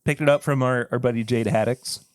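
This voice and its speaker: A man's voice: mid-range voice, brisk, no room sound, studio quality. A man hosting a podcast, chatting casually and joking while tasting whiskey. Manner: relaxed, joking, laughs often. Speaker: podcast host.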